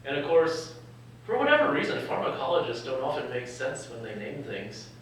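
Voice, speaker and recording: A man's voice: mid-range voice, sing-song, fairly quick, a bit bright, a little hiss or hum. A young man from California, a doctor speaking to medical students at a live event, joking and chuckling often, recorded from far off in a lecture hall. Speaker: physician and medical educator.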